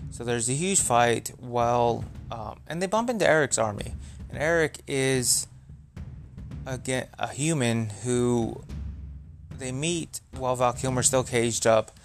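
A man's voice: mid-range voice, measured pace, faint music behind. A man hosting a podcast, recapping a movie in a rambling, profane, filler-heavy way. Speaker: podcast host.

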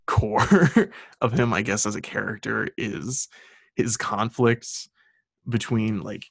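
A man's voice: fairly low pitch, vocal fry, dry recording. A young man hosting a casual podcast chat over a remote call, talking in a loose, rambling way with lots of fillers. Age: young adult. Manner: rambling, filler-heavy, laughs often. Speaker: podcast host. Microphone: remote call mic.

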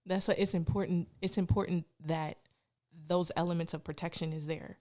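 Woman from Canada, podcast guest, lowish voice, animated storyteller who does the voices. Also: moderate pace. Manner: animated, acts out quoted voices. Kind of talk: personal storytelling in casual chat.

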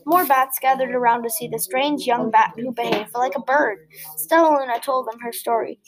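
High-voiced woman reading a children's story. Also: normal speed, poor audio. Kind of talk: children's story read-aloud.

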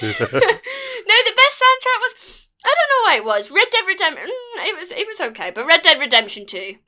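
A woman's voice: very high voice, big pitch swings, normal speed, a crowd in the background. A woman co-hosting a casual podcast, chatty and giggly. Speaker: podcast co-host.

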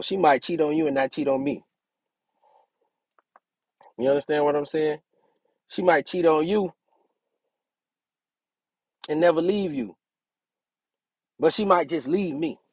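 A man's voice: fairly high pitch, darkish tone, dry recording. A brash young man hosting his own podcast, talking casually and preaching with plenty of profanity. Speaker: podcast host and relationship coach.

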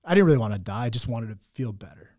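Guy telling his rough story, raw and blunt, cussing, lots of restarts. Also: mid-range voice, expressive, very fast, darkish tone. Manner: raw, blunt, swears often, many restarts. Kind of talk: candid personal storytelling.

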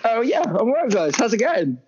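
A man's voice: very high-pitched, big pitch swings, a little fast, dull audio, noisy background. A man chatting casually as a returning podcast guest, playful and joking. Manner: playful, joking in mock French.

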